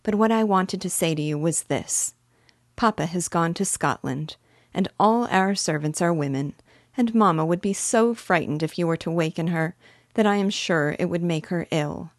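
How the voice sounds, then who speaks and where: A woman's voice: on the low side, normal speed, no echo, clean studio sound, lightly acted. A woman doing a polite little girl. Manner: soft and very polite.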